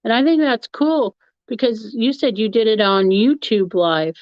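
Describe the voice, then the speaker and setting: A woman's voice: on the high side, unhurried, no echo. A woman hosting a live stream, chatting casually with her viewers and laughing often as she rambles. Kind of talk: casual chat answering a live chat. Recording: dull, lo-fi, dry sound.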